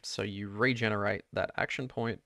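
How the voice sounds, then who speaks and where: A man running a tabletop game as game master, narrating in a relaxed, easygoing way with filler words. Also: fairly low pitch, normal speed, no echo, clean studio sound.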